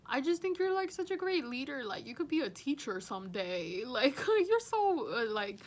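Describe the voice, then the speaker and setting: A woman's voice: sits high, very animated, normal speed. A woman in her twenties, a teaching assistant, speaking a casual, chatty farewell message full of "you know" and "like". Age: 20s. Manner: warm, chatty, many fillers like "you know".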